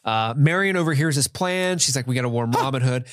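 A podcast co-host with a medium-pitched voice talks a little fast in a dry, clean studio recording. In this casual film review chat, he recaps comedy scenes and laughs along.

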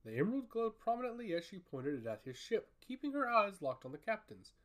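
A man narrating a fantasy story in a storybook style, with an expressive, rising and falling delivery. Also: high voice, brisk.

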